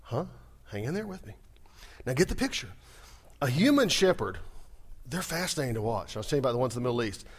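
Lively fast-talking preacher man. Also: medium pitch, slightly rough. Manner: animated, humorous, talks fast. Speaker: pastor. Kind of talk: sermon.

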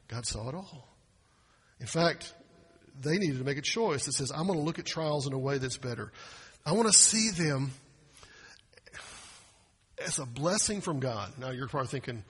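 A pastor preaching a sermon, a man with a fairly high, forceful and slightly husky voice. He leans on rhetorical questions and swings between loud bursts and hushed lines. His voice rings out with a long reverb, as in a large hall. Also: expressive, moderate pace, pauses often.

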